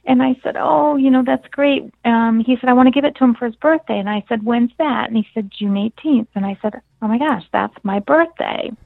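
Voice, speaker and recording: A woman's voice: on the high side, fairly quick, vocal fry, hardly any pauses, no room sound. A woman guest, an author, earnestly telling a personal story and acting out the dialogue as she goes. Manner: earnest, retells dialogue vividly. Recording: phone-line sound.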